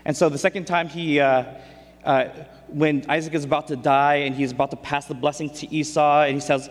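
A man's voice: fairly high pitch, little pitch movement, fairly quick. A man preaching a casual sermon, retelling scripture in everyday, conversational speech. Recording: long hall reverb.

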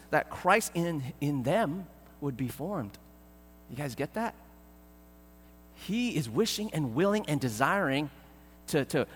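A man preaching a sermon as pastor, earnest and pleading, often repeating words and filling pauses. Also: fairly high pitch, breathy edge, big-room sound.

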